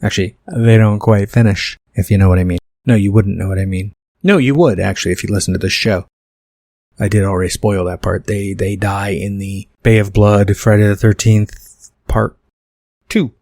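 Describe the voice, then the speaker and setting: A man's voice: fairly low pitch, steady tone, moderate pace, a little mellow, no echo, studio quality. A man hosting a podcast, reading his own screenplay and rambling through self-correcting asides about it. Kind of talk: casual podcast commentary on his own script.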